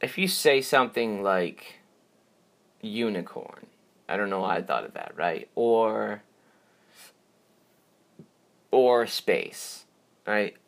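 Casting: man, lowish voice, solo podcast host, loose and meandering delivery with lots of restarts. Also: sing-song, slow, vocal fry, long pauses. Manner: rambling, repeats words, yawns, drifts off track. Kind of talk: casual solo podcast talk.

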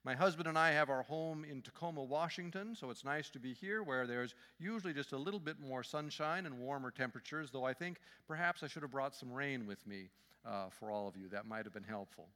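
Bright-voiced man preaching in a church. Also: mid-range voice, brisk, big-room sound. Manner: friendly, joking, conversational. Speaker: guest speaker, fundraising consultant. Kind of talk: sermon with humor. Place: church sanctuary.

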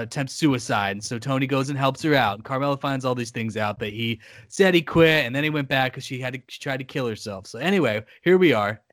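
A man chatting as a podcast co-host, mid-pitched, with a dry close-miked sound. He talks loosely and swears freely, retelling scenes with quotes. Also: fairly bright tone, dry recording. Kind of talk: casual chat.

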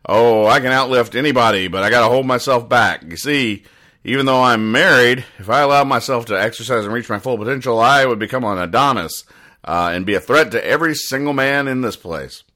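A man's voice: mid-range voice, fairly quick, pushed and bright, natural voice. A man doing a cocky gym braggart. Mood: boastful. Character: boastful vain man at the gym.

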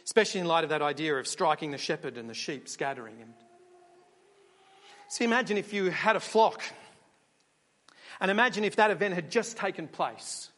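A high-voiced male preacher delivers a sermon in a relaxed, storytelling manner. He keeps turning to the listeners with rhetorical questions. His voice rings on in a long hall reverb. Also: brisk, long pauses.

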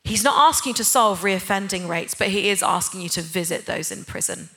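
A woman preaches to a church gathering in a bright, crisp voice. Her delivery is personal and conversational, and at times it builds into impassioned, emphatic appeals. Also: medium pitch. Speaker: church speaker, head of a neighbour-love ministry. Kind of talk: sermon.

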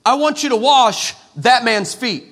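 God, calm and insistent, as a preacher voices him. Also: male voice, extremely high pitch, full character voice. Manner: slow, repeated, firm commands. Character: God speaking to a young man, calm and insistent.

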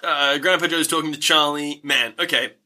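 Animated bright-voiced man recapping a movie. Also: fairly high pitch, normal speed. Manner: animated, acts out characters in silly voices, swears freely. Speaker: podcast co-host. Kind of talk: casual movie recap chat.

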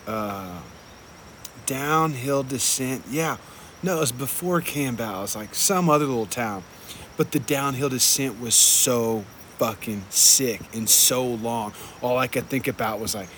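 A man's voice: medium pitch, fairly bright tone, slight background noise. A young man telling a rambling travel story in a casual, laid-back way, swearing often and filling his talk with "like" and "dude". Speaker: traveling motorcycle vlogger.

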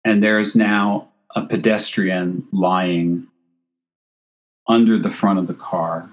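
Low-voiced man telling a story. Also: slow, rough recording. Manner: animated anecdote-telling with acted-out quotes. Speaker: photographer guest. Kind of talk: casual storytelling in an interview.

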